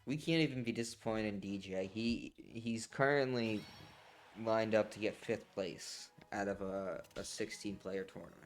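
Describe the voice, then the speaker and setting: A young man streaming, chatting casually and profanely over a game tournament, rambling in an animated way. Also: lowish voice, normal speed, faint music behind.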